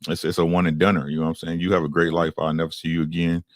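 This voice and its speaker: A man in casual chat on a video call, relaxed and talking in loose slang that keeps asking "you know what I'm saying". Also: low voice, very fast, no echo, clean studio sound.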